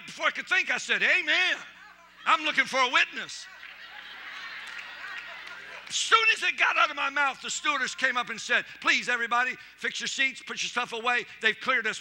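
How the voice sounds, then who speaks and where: Middle-aged male pastor, high voice, humorous storyteller who acts out the quotes. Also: fast, hardly any pauses, pushed and bright. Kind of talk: sermon. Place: church.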